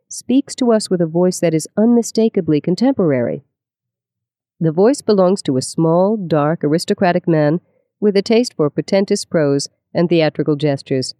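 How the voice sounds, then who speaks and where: Mellow, smooth audiobook narrator. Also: mid-range voice, no room sound, studio quality. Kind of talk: scripted nonfiction narration.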